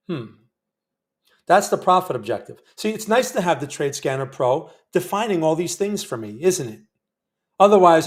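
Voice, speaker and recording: Chatty, wry man narrating live trades. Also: fairly high pitch. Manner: chatty, wry, talks to viewers while trading. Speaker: day trading livestream host. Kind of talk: live trading commentary.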